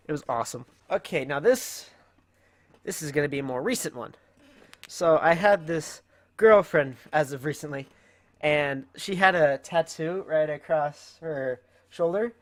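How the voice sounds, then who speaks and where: A teenage boy with a slightly high-pitched voice tells stories on his own channel. He rambles loosely from one thought to the next and breaks into laughter at himself. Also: a bit bright. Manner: rambling, with frequent self-amused laughs. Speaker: channel host. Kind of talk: casual storytelling vlog.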